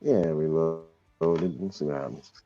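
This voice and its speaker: Low mellow guy cohosting from his phone, blunt and cursing, kinda muffled lo-fi sound. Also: moderate pace, soft background music. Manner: blunt, joking, swearing. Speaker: podcast co-host. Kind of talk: casual chat.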